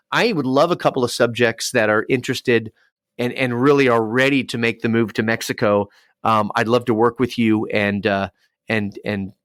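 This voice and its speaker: A man, a radio DJ, chatting as a podcast guest and telling lively stories with acted-out dialogue. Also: mid-range voice, no room sound, clean studio sound. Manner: animated storyteller acting out dialogue. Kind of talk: casual podcast interview.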